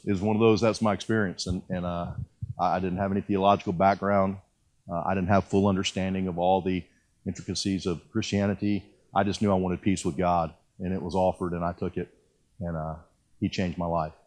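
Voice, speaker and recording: A man's voice: low-pitched, a little mellow. A man in his fifties preaching a sermon and telling his personal testimony in a folksy, self-deprecating way, with frequent restarts. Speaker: pastor.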